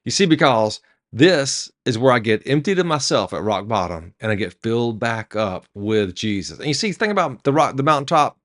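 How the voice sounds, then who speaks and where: A man's voice: medium pitch, very animated, moderate pace, a bit bright. A man preaching a devotional sermon in an emphatic, storytelling manner.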